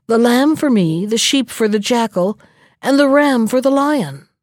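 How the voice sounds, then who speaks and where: A woman's voice: fairly high pitch, expressive, unhurried, a little mellow, dry recording. Woman doing a greedy hyena in a storybook, smug and careless, dry sound. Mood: glib. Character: foolish greedy male hyena.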